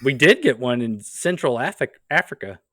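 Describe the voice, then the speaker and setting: A man co-hosts a comedy podcast, recounting stories in a relaxed, casual way with dry, wry asides. His voice sits in an ordinary middle pitch. The sound is close and dry, with no room echo. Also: moderate pace. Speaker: podcast co-host.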